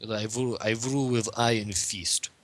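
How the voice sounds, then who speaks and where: A man's voice: lowish voice, fairly even intonation, normal speed, natural voice. A man voicing communism as a stern, menacing Russian strongman in a mock Russian accent and clipped broken English.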